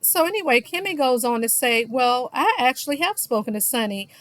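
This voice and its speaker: A woman recapping a reality TV show, sassy and gossipy, with speech. She has a fairly high voice and acts out the cast's lines in animated snatches. The sound is dry and close, with no room around it. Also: a little fast, no echo. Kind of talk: casual recap commentary.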